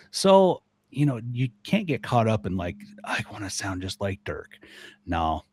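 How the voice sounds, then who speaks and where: An older man, a guest on a podcast, talking casually and lively, mimicking sounds as he explains. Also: lowish voice, breathy edge, dry recording. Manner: animated, mimics elk bugles and voices. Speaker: guest, elk calling expert.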